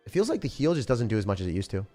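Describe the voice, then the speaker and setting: A young man giving live commentary as he plays and rates card decks, excitable, with loud outbursts and laughter. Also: on the low side, racing. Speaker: streamer playing and rating decks. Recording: faint music behind.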